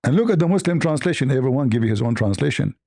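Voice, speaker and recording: A man's voice: medium pitch, expressive, rapid-fire, vocal fry, dark tone, dry recording, studio quality. A man hosting a call-in livestream, arguing insistently with a caller and mocking the other side's points. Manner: mocking, insistent, laughs at his own points. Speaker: livestream host debating a caller. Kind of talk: argumentative livestream call-in debate.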